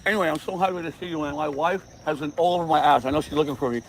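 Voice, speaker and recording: A man playing a goofy, excitable slacker husband in an outdoor comedy skit, talking in a brash, rambling way. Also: a little high, rapid-fire, a little hiss or hum, close to an everyday voice. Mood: boastful. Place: outdoors among trees.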